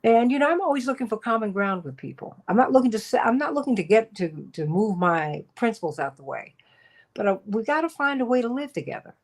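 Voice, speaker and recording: A woman's voice: a little high, animated, quick pace. A woman hosting a political talk radio show, chatting with guests by name and sharing personal anecdotes.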